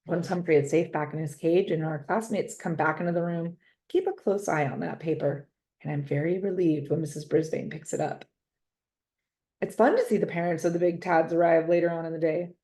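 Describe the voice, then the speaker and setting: A woman reading a children's chapter book aloud, gentle and expressive, in first person. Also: deep voice, a little fast. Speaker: reader. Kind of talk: storybook read-aloud.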